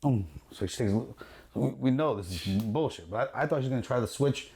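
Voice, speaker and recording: A man, a luxury jewelry dealer, telling a story in a casual podcast chat, animated and profane, acting out the quotes and laughing as he goes. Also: mid-range voice, quick pace. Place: his jewelry store.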